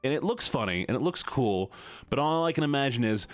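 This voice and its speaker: A man's voice: mid-range voice, lively intonation, brisk, no room sound, faint music behind. A man chatting playfully and teasingly with his chat on a live stream.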